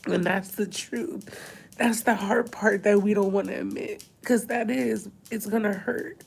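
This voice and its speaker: A woman's voice: medium pitch, fairly even intonation, measured pace, vocal fry, darkish tone, a little hiss or hum. A woman in her thirties crying as she talks in a confessional vlog, her voice breaking into whispers and sighs. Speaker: vlogger. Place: hospital room.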